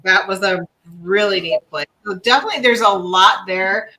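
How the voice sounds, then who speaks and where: Woman, podcast guest, paranormal investigator, bright voice, chatty, acts out her reactions. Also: medium pitch, normal speed, poor audio. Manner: chatty, many agreeing yeahs, acts out quoted reactions. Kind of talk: casual podcast chat.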